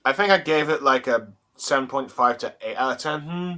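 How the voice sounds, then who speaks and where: A man's voice: mid-range voice, fairly quick, bright, forceful tone. A man hosting a casual comic review chat, hesitant and full of fillers, chuckling often. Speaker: podcast host.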